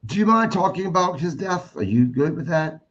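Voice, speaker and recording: A man's voice: on the high side, animated, brisk, fairly bright tone. A man hosting a podcast interview, asking questions in an eager, conversational way. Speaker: podcast host. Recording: dull lo-fi audio.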